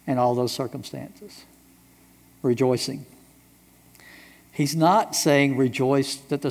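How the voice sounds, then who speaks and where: A man's voice: medium pitch, creaky, a little mellow. A middle-aged man from the United States preaching a sermon as pastor, emphatic, with repeated rhetorical questions. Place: church sanctuary. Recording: long reverb of a large church hall.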